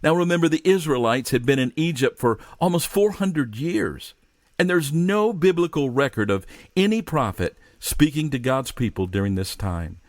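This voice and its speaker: A man preaching a sermon as a pastor. He reads scripture slowly and earnestly, and his voice drops softly at the ends of phrases. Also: fairly high pitch, lively intonation, no room sound, studio quality. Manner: earnest, slows down for scripture readings.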